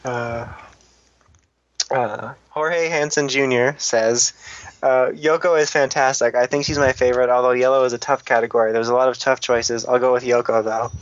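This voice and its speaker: A man's voice: medium pitch, steady tone. Joking man, dull lo-fi audio. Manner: joking, exasperated, quick asides. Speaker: podcast co-host. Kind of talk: casual chat, reading listener comments.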